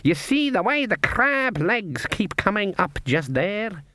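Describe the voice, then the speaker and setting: A man voicing a grim, knowing voodoo cook woman who speaks in a slow, drawling, rolling growl. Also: sits high, big pitch swings, bright, forceful tone, pitched above the performer's own voice, exaggerated voice.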